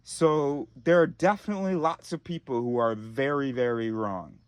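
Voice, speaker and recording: A man's voice: mid-range voice, moderate pace, smooth, dry recording. Exasperated, swearing man ranting. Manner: profane, exasperated, emphatic. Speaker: vlogger. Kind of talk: ranting monologue. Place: car.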